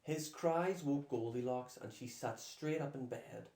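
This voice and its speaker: Guy reading a kids story real slow, dark voice, echoey room. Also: mid-range voice, vocal fry. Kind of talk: reading a children's storybook aloud.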